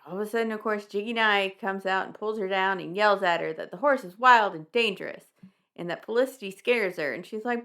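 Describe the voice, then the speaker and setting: A woman's voice: mid-range voice, brisk, sharp tone. A young woman co-hosting a podcast, casually recapping a children's book with wry, laughing asides and casual swearing. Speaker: podcast co-host.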